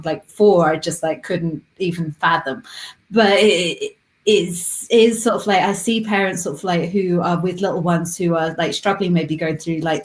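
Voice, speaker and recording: A woman hosting a casual interview, chatty and laughing often. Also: fairly low pitch. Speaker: host. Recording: echoey room.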